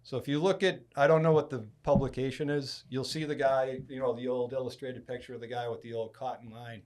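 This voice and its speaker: A man from Massachusetts tells a long story on a podcast in a casual, chatty way. His voice sits at an ordinary middle pitch, and he swings it widely to act out the people he quotes. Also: a little fast. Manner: animated storyteller, acts out quoted speech with loud bursts. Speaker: podcast guest.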